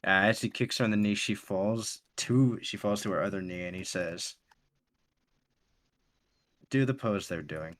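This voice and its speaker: Deep-voiced man narrating a tabletop game. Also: moderate pace, hardly any pauses. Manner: calm descriptive narration with voiced characters. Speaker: game master.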